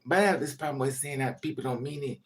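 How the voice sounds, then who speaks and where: This woman's voice is extremely low and quick as she tells the camera a personal story. Her confessional telling is casual, rambling and repetitive, packed with profanity and rising emotion.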